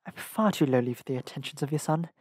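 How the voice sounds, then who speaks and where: Sly sweet-talking court lady, read by a man, hushed, very dry sound. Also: a little high, quick pace, slightly rough, no echo. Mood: flattering. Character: scheming young noblewoman, sweetly flattering.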